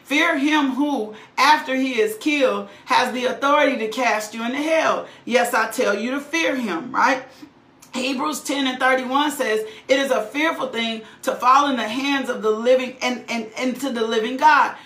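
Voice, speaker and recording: A woman's voice: sits high, moderate pace, fairly bright tone, echoey room. A middle-aged woman preaching a sermon with fervor, often repeating lines for emphasis and checking in with "right?".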